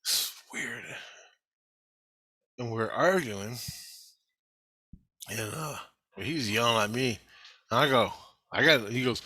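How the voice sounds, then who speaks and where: A man's voice: medium pitch, slow, long pauses, husky, no room sound. A man telling a rambling story in a casual vlog, swearing constantly and getting worked up. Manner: profane, excitable, rambling. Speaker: vlogger recounting a vision.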